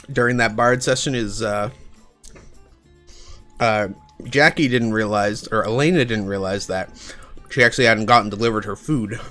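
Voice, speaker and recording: A man narrating as game master of an online tabletop game, relaxed with many fillers, music behind. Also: lowish voice, normal speed, pauses often.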